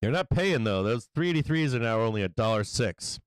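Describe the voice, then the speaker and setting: A man's voice: medium pitch, lively intonation, fairly quick, clear, resonant tone, no room sound, rough recording. A middle-aged man hosting a live stock market stream, chatting casually and playfully with frequent laughter. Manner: giggly, playful, often laughing and drawing words out. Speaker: stock market livestream host.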